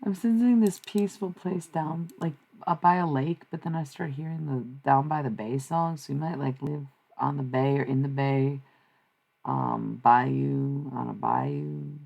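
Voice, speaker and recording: A woman's voice: a bass voice, a little slow, gravelly, dark tone. A woman streaming live, chatting bluntly and casually and musing aloud while she passes on psychic messages to her chat.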